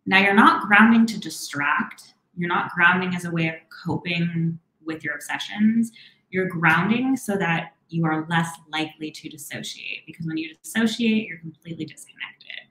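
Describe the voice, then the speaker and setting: Woman therapist talking in an echoey room. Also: on the low side. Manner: quick, warm-toned advice with many "um"s and restarts. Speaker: therapist answering live questions. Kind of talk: live Q&A, casual explanation.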